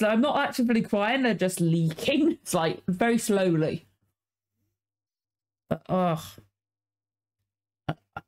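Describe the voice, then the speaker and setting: A woman's voice: mid-range voice, darkish tone. Woman gushing over a cartoon. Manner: effusive, swears a lot, emotional. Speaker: reaction video host. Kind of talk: casual reaction commentary.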